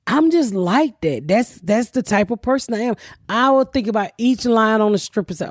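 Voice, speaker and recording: A woman's voice: a little high, lively intonation, normal speed, no room sound. Brief: middle-aged woman, podcast host, brash and profane, laughs through stories, dry studio sound. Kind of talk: casual podcast chat.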